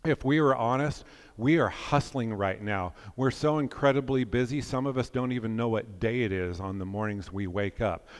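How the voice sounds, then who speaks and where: Man in his fifties preaching in a reverberant hall. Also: lowish voice. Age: 50s. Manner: animated, jokey and earnest, swinging from loud urging to quiet reflection. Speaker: pastor. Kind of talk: sermon.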